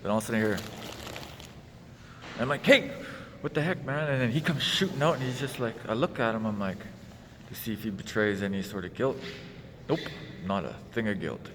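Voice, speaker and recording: A man's voice: on the low side, fairly quick, long pauses. Man, exasperated storyteller, casual vlog, roomy echo, faint background noise. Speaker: vlogger.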